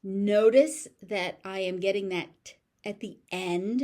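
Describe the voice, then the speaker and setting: A woman with an American accent teaching pronunciation, saying each word several times in a slow, careful drill. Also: mid-range voice, warm tone. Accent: General American. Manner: repeats each word slowly, syllable by syllable.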